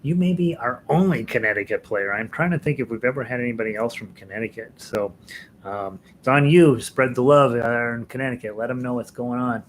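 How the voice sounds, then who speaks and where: A man's voice: medium pitch, a little hiss or hum, poor audio. An American man hosting a live ukulele lesson stream, chatting casually with viewers, chuckling often and rambling with fillers and restarts. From United States.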